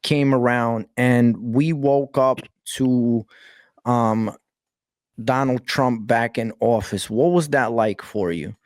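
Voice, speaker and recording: A man's voice: mid-range voice, slow, dry recording, studio quality. A man with a New York accent hosting a casual interview in an easygoing, conversational way. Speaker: host, interviewer.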